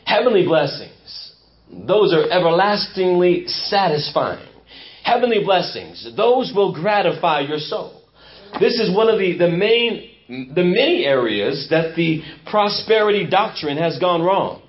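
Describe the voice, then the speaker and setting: A pastor delivering a sermon in a church with an emphatic, repetitive preaching cadence. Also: male voice, sits high, sing-song, measured pace. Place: church sanctuary. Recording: muffled lo-fi church recording.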